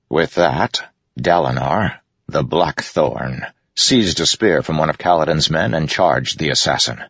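Male audiobook narrator, extremely deep and gravelly, measured and grave. Dry, dull recording. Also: a bit bright, no room sound. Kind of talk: scripted fantasy narration.

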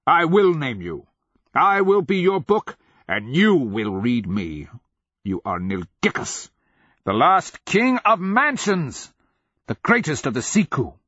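A man's voice: deep voice, animated, very slow, long pauses, fairly bright tone, breathy edge, dry recording, exaggerated voice. A man voicing a weary, bruised old wizard who pleads and then turns sternly indignant, read for an audiobook. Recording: dull lo-fi audio.

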